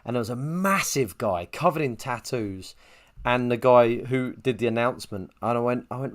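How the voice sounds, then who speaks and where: A man's voice: mid-range voice, normal speed. A man, co-hosting a podcast and chatting casually, acting out the people in his stories. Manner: animated storyteller acting out quotes. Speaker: podcast co-host. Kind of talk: casual chat, storytelling.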